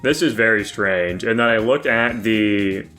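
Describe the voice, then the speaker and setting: Low-voiced man rambling in podcast chat. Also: unhurried, sharp tone, faint music behind. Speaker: podcast co-host reviewing an album. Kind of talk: casual chat.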